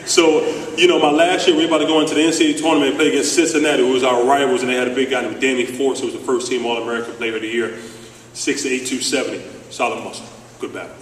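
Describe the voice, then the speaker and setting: Man, ceremony speech, animated joking storyteller, large hall reverb, faint room noise. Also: medium pitch, very fast. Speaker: former player giving induction speech. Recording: echoey hall, speaker far from mic.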